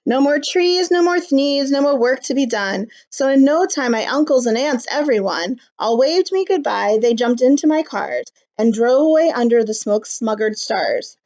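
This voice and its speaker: A woman with a high voice reads a rhyming picture book aloud for children. She stops now and then to explain things simply. The recording is slightly muffled. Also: expressive, darkish tone. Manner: pauses to explain words simply. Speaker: storybook reader.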